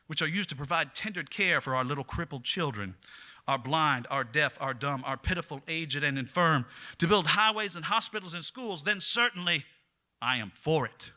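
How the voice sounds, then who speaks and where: A man putting on a booming Southern orator. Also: lively intonation, moderate pace, sharp tone. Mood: oratorical. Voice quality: grandiose, declamatory. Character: booming Southern male legislator orating.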